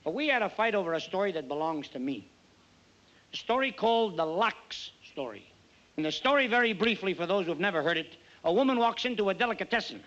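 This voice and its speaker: Nightclub comic, guy with a highish voice, brisk stories, teasing the crowd, dull old tv sound. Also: expressive, fairly bright tone. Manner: brisk storytelling, mock-modest asides to the audience. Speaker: nightclub entertainer. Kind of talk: stand-up comedy routine on stage.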